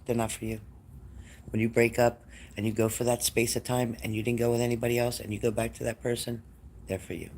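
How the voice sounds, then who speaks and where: A man's voice: medium pitch, little pitch movement, fairly quick, vocal fry, a little mellow. A man doing psychic readings on a live stream, speaking straight to his viewers by name and growing emotional as he talks. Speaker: psychic reader.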